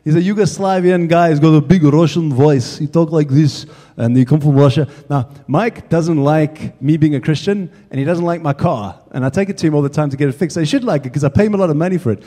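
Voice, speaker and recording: A man preaches through a casual, chatty anecdote, relaxed and conversational with his congregation. His voice is mellow and somewhat high, carrying a long reverb from the church hall. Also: fast talker, few pauses. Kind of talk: sermon storytelling. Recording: echoey hall.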